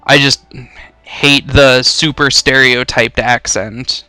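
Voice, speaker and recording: A man's voice: medium pitch, steady tone, takes it slowly, sharp tone, clean tone, dry recording. A young man giving casual, rambling let's-play commentary, swearing freely and poking fun at himself. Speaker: gaming YouTuber.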